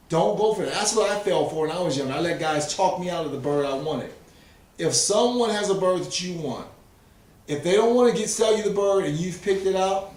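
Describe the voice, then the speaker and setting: A man's voice: fairly high pitch, darkish tone. Earnest man speaking from afar in an echoey room. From Southern California. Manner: earnest, emphatic and digressive. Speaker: interviewee, pigeon fancier. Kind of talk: casual interview talk. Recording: echoey and distant from the mic.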